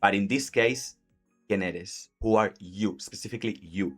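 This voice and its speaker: A man's voice: lowish voice, moderate pace. A Spanish-speaking man, casually teaching Spanish while gaming, chatty and full of "like". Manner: chatty, heavy use of "like", laughs often. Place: at home. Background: faint game music.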